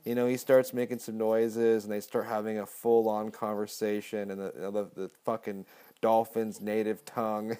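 A man's voice: fairly low pitch, flat delivery, moderate pace, mellow, clear, resonant tone. A man casually recapping a movie, rambling and swearing often. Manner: profane, rambling. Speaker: podcast host.

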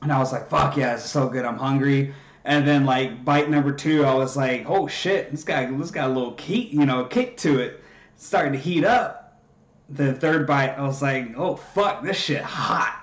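A man telling a story in casual chat, profane and animated, acting out what everyone said. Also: medium pitch, moderate pace, echoey room. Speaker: podcast co-host.

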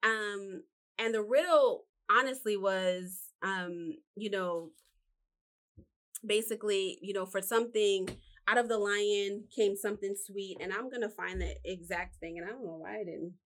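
A woman's voice: mid-range voice, normal speed, a bit bright. A woman telling a Bible story in a loose, chatty monologue filled with fillers and asides, recorded indoors. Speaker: vlogger retelling a Bible story.

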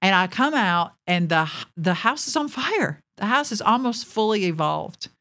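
A woman in her forties, a ministry speaker, telling a personal testimony as an animated storyteller who laughs between lines and talks straight to her audience. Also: medium pitch, normal speed.

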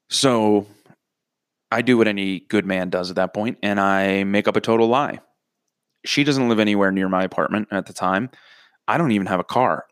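A man's voice: fairly low pitch, dry recording, clean studio sound. A young man telling a profane, rambling comic story with self-mocking asides. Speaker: comedic storyteller. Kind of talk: crude comedic storytelling.

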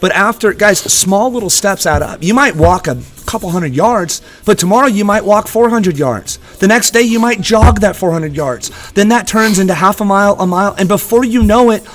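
A man's voice: high voice, moderate pace, few pauses, a bit bright, slight background noise. Earnest, encouraging man co-hosting a podcast. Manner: earnest, encouraging, swears casually. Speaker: podcast co-host. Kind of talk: casual motivational podcast talk. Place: gym.

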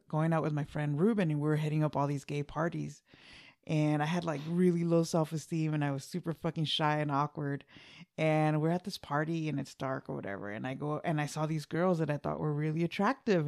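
Low-voiced woman telling candid stories. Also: fairly quick. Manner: candid, profane, animated anecdote telling. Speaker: podcast co-host. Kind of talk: casual chat.

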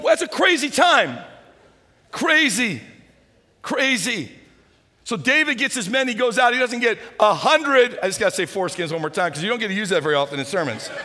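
A man preaching a sermon, retelling a story with lively humor and acting out its characters. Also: sits high. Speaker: pastor. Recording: hall reverb.

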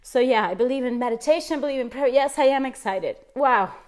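A middle-aged woman talks through her podcast in a loose, effusive monologue. Her voice sits a little high, and she laughs often between thoughts. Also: fairly quick, darkish tone. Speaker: podcast host. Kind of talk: casual motivational monologue.

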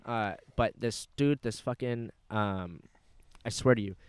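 A man's voice: lowish voice, a little slow, clean tone, no room sound. A young man in his twenties hosting a podcast, telling a rambling story with lots of swearing and filler words. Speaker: podcast host. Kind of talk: casual podcast chat.

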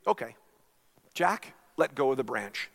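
A pastor voicing God as a relaxed, gently firm male voice calling down to a man on a cliff. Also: medium pitch, measured pace, exaggerated voice. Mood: calm. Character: calm, patient male God speaking from above.

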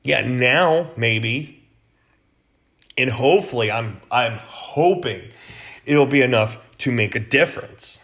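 A man's voice: medium pitch, slow, fairly bright tone. A man hosting a political podcast, delivering an angry, profane rant in a blunt, heated way. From United States.

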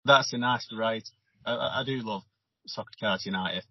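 A man hosts a podcast in a relaxed, conversational way. His voice is somewhat husky and sits at a middle pitch. The recording is dull and lo-fi with a dry, close sound. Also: a little fast, no room sound. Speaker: podcast host. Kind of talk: casual podcast chat.

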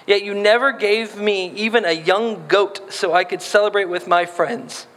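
A man's voice: high voice, moderate pace, fairly bright tone. A man preaching a sermon, reading scripture and then talking casually and playfully, acting out voices in the quotes. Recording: long hall reverb.

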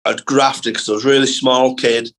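A young man with a husky, slightly breathy voice tells school stories as a comedian guest on a chat podcast. His delivery is animated and loose, peppered with swearing, and sits at an ordinary middle pitch. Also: normal speed, poor audio. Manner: animated anecdotes, lots of swearing. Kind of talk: casual storytelling chat.

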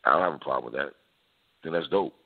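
A man's voice: a bass voice, fast talker, creaky, husky. A man in casual hip-hop debate chat, laid-back and slangy, who laughs often and repeats his phrases. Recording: tinny phone-like sound.

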